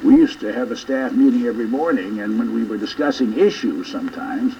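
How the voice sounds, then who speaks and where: A man's voice: medium pitch, a little fast, warm tone, slight background noise. An older man, a former governor and author, telling reflective stories in an interview about his memoir. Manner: storytelling, reflective. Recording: dull, slightly distant broadcast audio.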